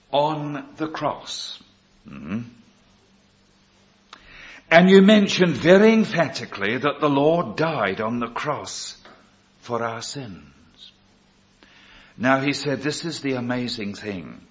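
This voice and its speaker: A male preacher telling a conversion story in a sermon, quoting the people in it as he goes. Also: mid-range voice. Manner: slow storytelling, quoting others in dialogue. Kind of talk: sermon testimony. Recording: dull lo-fi recording.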